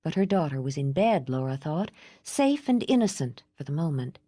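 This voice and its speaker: A woman reads a romance audiobook in a lowish voice. Her delivery is even and composed. The recording is dry and close. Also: moderate pace, no room sound. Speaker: audiobook narrator. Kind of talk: scripted audiobook narration.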